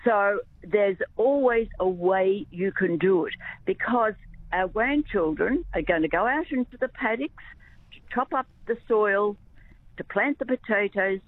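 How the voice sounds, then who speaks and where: A woman's voice: mid-range voice, no room sound. A woman in her eighties with an Australian accent, calling in to a radio show and speaking earnestly and insistently. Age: 80s. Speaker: caller. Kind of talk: radio call-in. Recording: tinny phone line.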